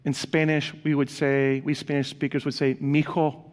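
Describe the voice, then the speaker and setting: A man's voice: mid-range voice, flat delivery, normal speed. A man preaching a sermon as a pastor, speaking earnestly and conversationally to his congregation. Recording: long reverb of a large hall.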